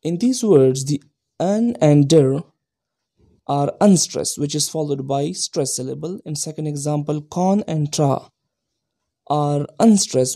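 A man giving a recorded lesson, explaining each point slowly and carefully and repeating the key terms. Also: a little high, gravelly, dark tone. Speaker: teacher.

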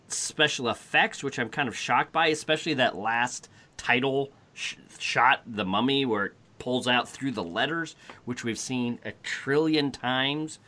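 A man hosting a casual podcast chat, wry and animated, often correcting himself mid-sentence. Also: medium pitch. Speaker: podcast host.

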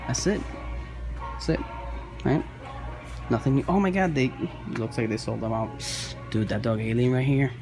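A man in his thirties vlogging while toy hunting, talking to himself in stores and his car, excitable and given to muttering and Spanish exclamations. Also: mid-range voice, moderate pace, pauses often, music in the background. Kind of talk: casual self-talk vlog.

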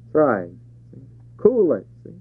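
A man's voice: fairly high pitch, huge pitch swings, slow, breathy edge, dry recording. A man preaching a sermon to a congregation, asking rhetorical questions and chuckling between points. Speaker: pastor. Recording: tinny phone-like 1970s tape.

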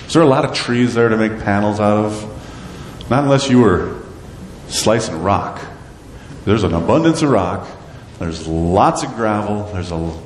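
A man preaching a sermon as pastor, animated and asking his congregation rhetorical questions. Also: fairly low pitch, slight background noise. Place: church sanctuary. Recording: echoey church hall with long reverb.

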